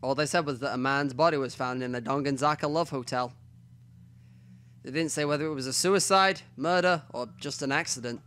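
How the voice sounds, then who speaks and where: A man's voice: medium pitch, brisk. Man reading a visual novel aloud. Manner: reads narration aloud with quiet asides. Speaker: let's play narrator.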